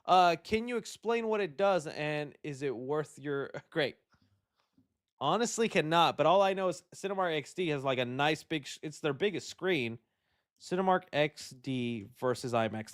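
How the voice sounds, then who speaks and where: A man's voice: a little high, normal speed. A young man hosting a live stream in casual chat, joking and answering chat questions. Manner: animated and joking, reads chat aloud. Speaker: host.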